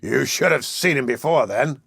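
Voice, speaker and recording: A man's voice: mid-range voice, expressive, normal speed, creaky, fairly bright tone, breathy edge, dry recording, studio quality, heavily acted. A man voicing a blind, brutal sea captain who speaks in a sneering, threatening way.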